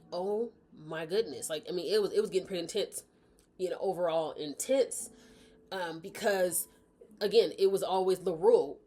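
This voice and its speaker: A woman's voice: lowish voice, a little mellow. A woman chatting casually as she reviews a book, rambling and often correcting herself.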